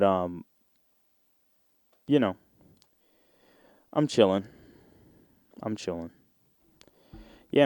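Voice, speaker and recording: Mellow, laid-back man rambling on a podcast. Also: mid-range voice, clear, resonant tone, no echo, studio quality. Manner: rambling, profane, laid-back, full of slang. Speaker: podcast host. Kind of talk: casual solo podcast monologue.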